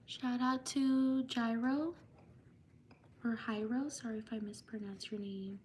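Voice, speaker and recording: A woman hosting a livestream, reading viewers' names for shout-outs in a slow, repetitive way. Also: on the high side, steady tone, a little hiss or hum. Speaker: livestream host.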